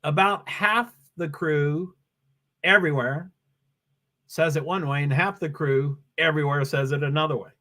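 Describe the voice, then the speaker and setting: A man hosting a live stream gives casual commentary on a race and chats with viewers, rambling and interrupting himself. His voice is a little high, bright, and forceful, with fairly even intonation and a moderate pace.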